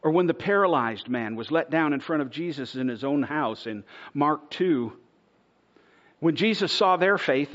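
A man preaching a sermon in an earnest style, building to loud, emphatic stretches and dropping to a hush on key words. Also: mid-range voice, dull audio. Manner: earnest preaching, swells louder to a near-shout at points, drops to a hush on key words. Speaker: pastor.

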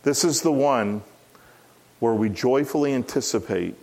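A man's voice: mid-range voice, unhurried, gravelly, a little mellow. Middle-aged pastor guy preaching, earnest, repeats stuff for emphasis, voice climbs when he stresses a point. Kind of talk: expository sermon.

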